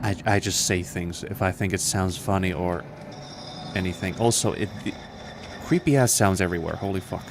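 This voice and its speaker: A man with a somewhat American accent, commentating his gameplay on a live stream with profane, wry asides. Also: moderate pace. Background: game sounds and rumble.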